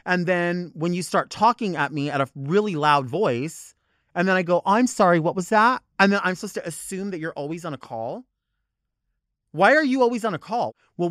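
A podcast host rants with big swings in his voice and a fairly high pitch. The sound is dry and close, with no room around it. He curses freely and acts out the people who annoy him. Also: dry recording. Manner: animated, profane ranting with mimicked exchanges. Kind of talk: comedic rant.

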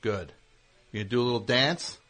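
A male radio host with a bright mid-range voice talks fairly quickly, teasing and riffing in long, rambling runs during call-in comedy banter.

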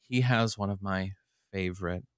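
A man's voice: low-pitched, normal speed, clear, resonant tone, no room sound, studio quality. A man co-hosting a podcast in casual chat, enthusiastic and playful, sometimes gushing. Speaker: podcast co-host.

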